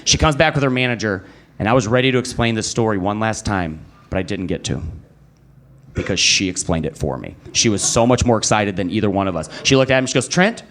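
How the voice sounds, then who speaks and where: A young man performing a stand-up comedy set on a club stage, telling a story and jumping his voice up high to play other people. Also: fast talker. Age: young adult. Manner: animated storyteller who jumps high to act out other people. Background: live audience.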